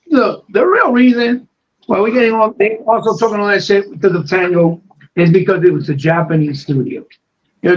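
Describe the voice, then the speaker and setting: A man's voice: very high voice, dull audio. A man co-hosting a podcast, ranting heatedly with a lot of profanity in casual talk. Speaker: podcast co-host.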